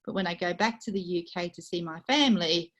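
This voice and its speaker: A middle-aged woman with a British accent and a faint Australian twang, soft-spoken, telling a personal story to a speaking club over a video call. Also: lowish voice, a little fast. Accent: British with a slight Australian twang. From United Kingdom. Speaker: guest speaker.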